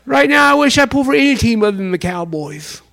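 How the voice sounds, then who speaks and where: Man, pastor, sermon, animated, high pitch, gravelly. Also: quick pace. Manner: animated, acts out voices of fans and worshippers.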